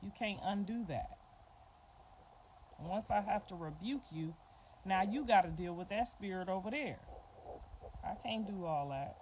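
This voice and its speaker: A woman's voice: medium pitch, animated, a little slow, pauses often, darkish tone, a little hiss or hum, low-quality recording. A middle-aged woman and grandmother talking bluntly and emphatically to viewers on a livestream, repeating her points. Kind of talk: casual livestream talk to viewers.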